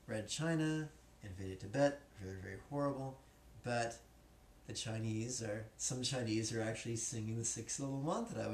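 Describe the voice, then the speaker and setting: A man's voice: medium pitch, darkish tone. Joking man teaching a class. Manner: joking, slangy and casual. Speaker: spiritual teacher. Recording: echoey room, faint noise.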